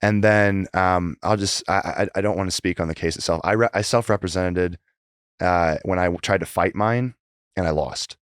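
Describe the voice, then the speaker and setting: A podcast guest in his thirties, deep-voiced and smooth, talks at a moderate pace in a casual interview. He rambles, keeps restarting, and acts out conversations from memory, all in a dry, studio-quality recording.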